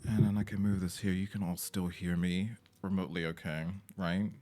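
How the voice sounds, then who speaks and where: A man's voice: low-pitched, fairly even intonation, a little fast, warm tone, a little hiss or hum. A man chatting casually on a live game stream, opinionated and talkative, talking to his cat between bits of gameplay.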